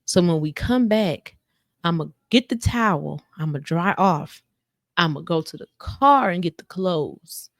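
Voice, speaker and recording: Animated woman telling a story. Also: a little slow, no echo, studio quality. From United States. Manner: animated, slangy, acts out quotes with big pitch jumps. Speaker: podcast co-host. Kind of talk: casual storytelling chat.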